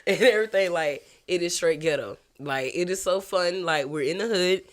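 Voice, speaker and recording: A woman's voice: fairly low pitch, moderate pace. A woman from Georgia with a Georgia Southern accent, a podcast guest chatting casually and telling easygoing stories. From Macon, Georgia. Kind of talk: casual chat.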